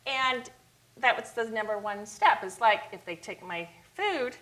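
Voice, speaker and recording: A middle-aged woman recounts her story with animated energy, slipping into a higher voice for the people she quotes. Her voice sits in a middle pitch, and she talks as a guest on a TV talk show. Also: moderate pace, poor audio. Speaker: founder of a youth outreach charity.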